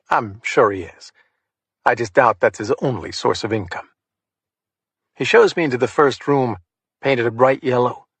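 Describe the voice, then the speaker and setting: Guy narrating a crime thriller audiobook, first person, matter-of-fact, mid pitch, dry sound. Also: a bit bright, no echo.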